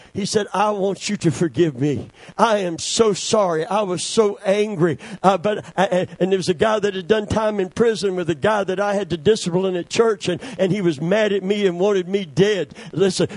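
A man preaching a sermon as pastor, full of amens and praise calls, swinging between loud declaring and hushed slow passages. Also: high-pitched, no room sound.

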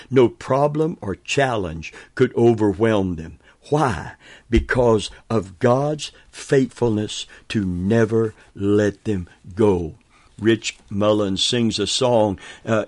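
Slow, emphatic older male preacher. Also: on the low side, no echo. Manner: slow, emphatic, repeats key phrases, chuckles often. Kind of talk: sermon teaching.

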